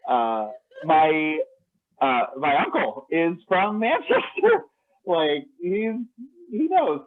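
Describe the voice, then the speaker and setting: A man's voice: a little high, very animated, slow pace. A young man co-hosting a casual podcast, hesitant and talking in restarts and fillers. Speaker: co-host. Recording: tinny phone-like line.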